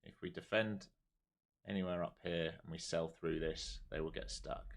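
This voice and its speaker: A man streaming his day trading live, talking through charts calmly and then groaning and swearing at the market when it moves against him. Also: low-pitched, moderate pace, gravelly. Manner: swings from calm chart talk to exasperated outbursts at the market.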